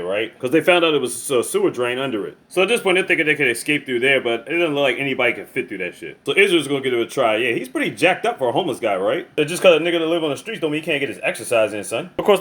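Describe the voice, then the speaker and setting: Fast-talking man recapping a movie. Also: medium pitch. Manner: animated slangy storytelling with profanity and acted-out quotes. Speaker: movie reviewer.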